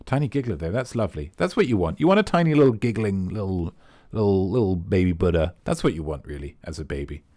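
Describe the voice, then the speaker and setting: A man's voice: sits low, expressive, quick pace, warm tone, dry recording, clean studio sound. A man hosting a trivia quiz, reading out questions and answers in a casual, playful way with jokey, rambling asides. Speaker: quiz host.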